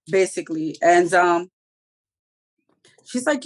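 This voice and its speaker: A woman's voice: a little high, sing-song, moderate pace, long pauses. Slangy woman recapping a TV episode. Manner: slangy, profane storytelling with acted-out quotes. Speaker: TV show reviewer.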